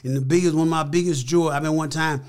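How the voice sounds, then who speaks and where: A man's voice: on the high side, steady tone, quick pace. An older man, a podcast guest, telling stories in an emphatic, folksy way and repeating his phrases. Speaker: interview guest. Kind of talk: casual storytelling.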